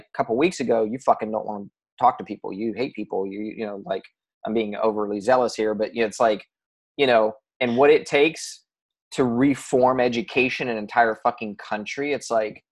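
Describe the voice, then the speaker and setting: A man coaching a client on a casual call, blunt and swearing freely, with many restarts. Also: mid-range voice.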